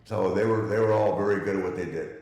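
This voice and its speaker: A man's voice: low-pitched, steady tone, fast, a little mellow. An older man telling stories as an interview guest, chuckling and rambling as he restarts his sentences. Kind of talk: casual interview storytelling. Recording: echoey room.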